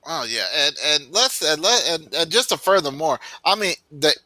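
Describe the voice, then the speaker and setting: Bright, emphatic podcast co-host. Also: male voice, a little high, sing-song, moderate pace, dry recording. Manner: emphatic, tags points with "Okay". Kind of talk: casual sports chat.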